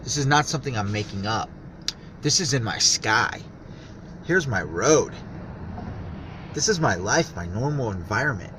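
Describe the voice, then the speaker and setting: A man's voice: fairly low pitch, lively intonation, moderate pace, long pauses. A man vlogging outdoors by a road, talking in an agitated, conspiratorial way and swearing often. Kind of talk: rambling outdoor vlog. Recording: loud outdoor traffic noise. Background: traffic and street ambience.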